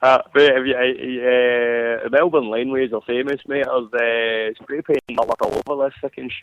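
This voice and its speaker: A man's voice: mid-range voice, fairly even intonation, normal speed, a little hiss or hum. A man calling in to a phone-in show, easygoing and matey, swearing casually. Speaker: caller. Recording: tinny dry phone line.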